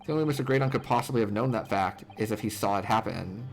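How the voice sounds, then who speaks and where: A man voicing a cold, haughty aristocratic male prosecutor in a game, speaking in a measured, disdainful, formal way. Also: fairly low pitch, soft background music, voice pushed down, natural voice.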